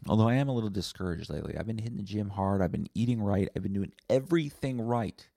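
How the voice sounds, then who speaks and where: A man's voice: lowish voice, expressive, a little fast, gravelly, warm tone, no echo, clean studio sound. A man hosting a solo podcast, talking in a rambling, blunt, profane way. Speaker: podcast host. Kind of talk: casual solo podcast monologue.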